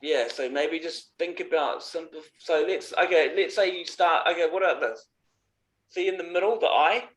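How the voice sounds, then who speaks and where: Kiwi-male tutor, slightly high voice, relaxed and suggestive in his coaching. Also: moderate pace. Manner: easygoing, guiding with suggestions and restarts. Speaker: art tutor. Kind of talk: casual chat and instruction.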